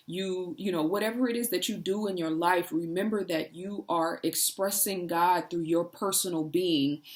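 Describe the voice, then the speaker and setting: Earnest woman preaching inspirational reflection. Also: lowish voice. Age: adult parent. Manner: earnest, repetitive rhetorical questions. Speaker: spiritual speaker. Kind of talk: inspirational monologue.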